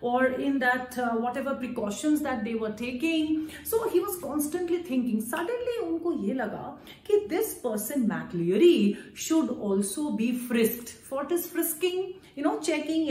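An Indian woman teaches a school English chapter, her pitch rising and falling as she stresses each point. Her voice sits a little high, and she slips between English and Hindi. The recording has a roomy echo. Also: a little mellow.

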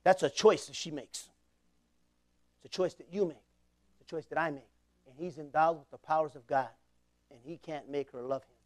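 High-voiced impassioned preacher man. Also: steady tone, normal speed, pauses often, a little mellow. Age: 40s. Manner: impassioned preaching with call-and-response. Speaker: pastor. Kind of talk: sermon.

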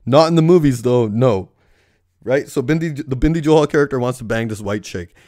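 A man's voice: medium pitch, lively intonation, brisk, dark tone, no echo, studio quality. A young man from Surrey, British Columbia, doing a profane comedic rant as a movie reviewer. He keeps tagging his sentences with "right?".

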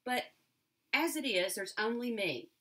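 A woman's voice: on the high side, lively intonation, a little slow, a bit bright, voice pushed up. A woman voicing a restless, wistful young girl who longs for freedom, speaking in an earnest, pleading way.

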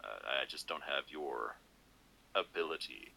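A man with a damaged, hoarse voice, casually reading requested lines for his vlog and apologizing when he stumbles. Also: animated, unhurried, sharp tone, poor audio. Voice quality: deep and gravelly. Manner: apologetic, stops to clear his throat. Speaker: channel host.

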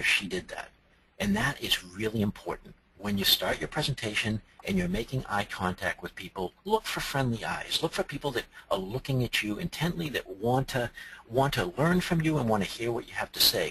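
A man from Massachusetts giving a conference talk as a presentation trainer, animated and strongly inflected. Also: mid-range voice, creaky, slightly rough, rough recording.

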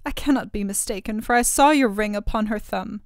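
A woman's voice: mid-range voice, a little fast, no room sound, studio quality, lightly acted. A woman voicing a sorrowful imprisoned young princess, speaking plaintively in a storybook reading. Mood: surprised. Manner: plaintive, lamenting.

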